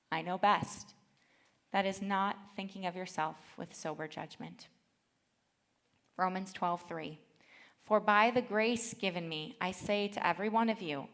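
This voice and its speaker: A woman in her thirties preaching a sermon, reading scripture aloud with earnest feeling and telling lively stories from her family. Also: mid-range voice. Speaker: church speaker.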